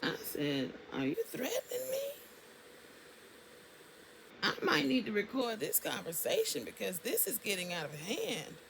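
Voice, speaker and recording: A woman's voice: mid-range voice, huge pitch swings, normal speed, gravelly, hardly any pauses, fairly bright tone, slight background noise, low-quality recording. A woman tells a story to camera in a casual, indignant way, and her voice jumps up sharply on exclamations. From Alabama, US. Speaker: vlogger.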